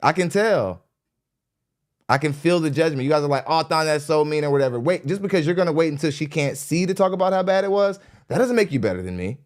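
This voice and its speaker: Blunt, animated man hosting a podcast. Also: on the high side, fast. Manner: blunt, animated, laughing often. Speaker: podcast host reacting to a dating show clip. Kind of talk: casual commentary. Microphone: studio dynamic mic.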